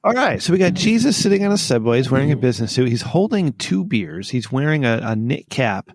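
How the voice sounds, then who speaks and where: A man co-hosting a comedy podcast, trading laid-back quick quips. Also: mid-range voice, sing-song, no echo, studio quality. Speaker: podcast co-host. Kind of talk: casual comedic banter.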